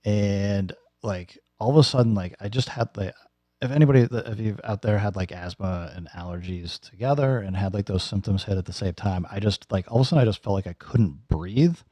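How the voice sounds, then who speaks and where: Low, dark-voiced man telling a story. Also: a little fast, dry recording. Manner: rambling, many fillers and restarts. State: recovering from nose and throat surgery. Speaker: YouTuber giving a personal update. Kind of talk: casual storytelling vlog.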